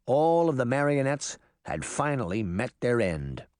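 Lively male audiobook narrator. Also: medium pitch, a little slow, no room sound, studio quality. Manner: lively storytelling voices. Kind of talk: scripted narration.

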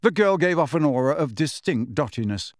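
A man reading a novel aloud as narrator, in a steady, measured storytelling manner. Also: on the high side, no echo, clean studio sound. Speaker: audiobook narrator. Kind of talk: scripted narration.

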